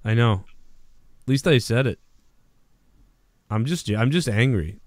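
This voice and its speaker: A man's voice: medium pitch, expressive, measured pace, no echo. A man co-hosting a podcast in casual, profane banter, rambling and laughing often. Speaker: podcast co-host.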